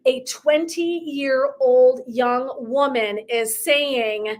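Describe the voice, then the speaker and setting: Middle-aged woman, motivational coach, emphatic and effusive, a little high-pitched. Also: fairly even intonation, drawn-out words, a little mellow. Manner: effusive, emphatic, tangents and asides. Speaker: purpose and legacy coach. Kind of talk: casual motivational talk to viewers.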